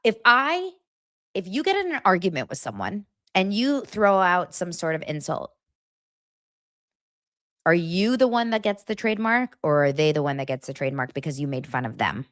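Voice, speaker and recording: This podcast host is a woman recapping reality TV, gossipy and animated, at a normal speed. She mimics cast members in high, mocking voices, so her pitch swings a lot, and the close-miked sound is dry with no room sound.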